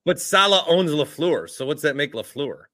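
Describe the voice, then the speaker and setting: A man talking sports with a host in easygoing, joking back-and-forth. His voice has a bright, forward tone. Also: fairly high pitch, expressive, normal speed. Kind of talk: casual sports chat.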